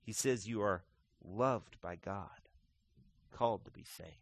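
Slow-speaking male pastor preaching. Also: fairly low pitch, vocal fry. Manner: swings from quiet intimate tones to loud emphatic preaching; slow deliberate delivery with repeated phrases. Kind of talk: sermon.

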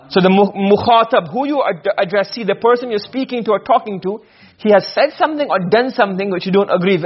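A man's voice: high-pitched, breathy edge, dull audio. A man teaching a class, lecturing and explaining points by asking his students questions. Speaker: Arabic rhetoric teacher.

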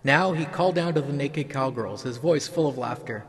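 A man's voice: medium pitch, normal speed. Man reading a myth with crowd murmur. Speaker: storyteller. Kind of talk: reading a mythological story aloud.

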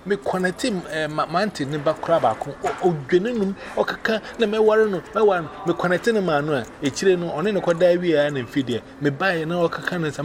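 A man with a Ghanaian accent telling a personal testimony in a casual, animated way, switching between Twi and English. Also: high-pitched, brisk, hardly any pauses. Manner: mixes Twi and English, animated retelling with quoted voices. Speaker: evangelist. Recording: audible background noise.

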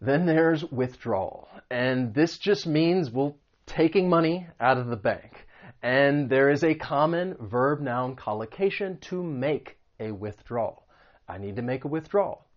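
An American man teaching vocabulary and pronunciation in a patient way, saying words slowly and repeating them. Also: mid-range voice, expressive, muffled recording. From United States. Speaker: English teacher. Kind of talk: pronunciation lesson.

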